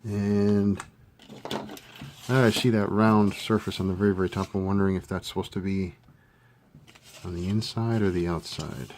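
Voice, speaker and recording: A man with a fairly low voice walks through a model build in a casual tutorial. He thinks aloud as he works, relaxed and unhurried, with plenty of fillers. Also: slight background noise. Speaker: scale model hobbyist demonstrating a kit build.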